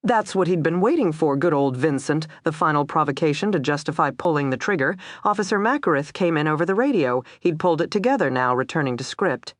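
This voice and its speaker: A narrator reading a crime thriller aloud in first person, tense and steady. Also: mid-range voice, fairly quick, hardly any pauses, dry recording, studio quality.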